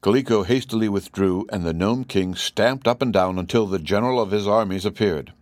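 Low-voiced man narrating a storybook. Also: a little fast, darkish tone, dry recording. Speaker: audiobook reader.

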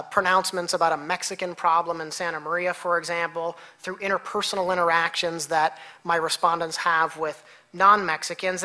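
A woman researcher presenting her findings at an academic conference, explaining in a measured way and now and then correcting herself mid-sentence. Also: fairly low pitch, sharp tone. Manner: measured, explanatory lecturing with occasional self-corrections.

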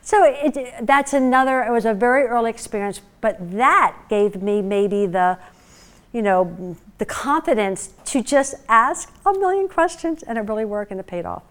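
A woman's voice: on the high side, expressive, normal speed. A woman giving a talk to a class, telling a story in a chatty way, full of fillers, and acting out the voices of the people she quotes. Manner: chatty, with many fillers like "you know" and "like". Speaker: guest speaker.

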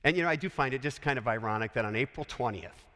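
A man's voice: mid-range voice, quick pace, a bit bright. A man from Colorado preaching a sermon in a chapel, conversational and full of joking asides. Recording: echoey hall.

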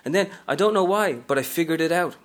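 A man's voice: a little high, lively intonation, quick pace, voice pushed up, lightly acted. A man reading aloud from a novel, narrating as a brash, streetwise aging woman hustler in a sassy first-person style.

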